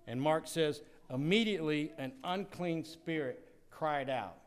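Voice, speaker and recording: A man preaching from the pulpit as a pastor, his voice sitting a little high for a man. He delivers the sermon dramatically, rising to loud declarations and then dropping to hushed asides. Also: measured pace, smooth.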